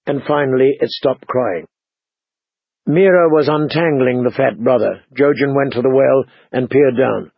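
A man narrating a fantasy audiobook in a measured, dramatic storytelling manner. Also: medium pitch, gravelly, slightly rough, dry recording. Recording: dull lo-fi recording.

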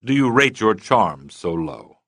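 A man voicing a defensive middle-aged aristocrat in a story, quick and lightly pompous. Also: lowish voice, very animated, a bit bright, no echo, studio quality, voice pushed up, heavily acted.

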